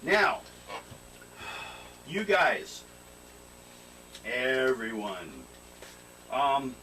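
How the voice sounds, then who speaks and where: A man narrates very slowly as a tabletop RPG game master, his mid-range voice bright, forceful and very animated. He laughs often and tells players to roll dice. The recording is distant and picks up a noisy room.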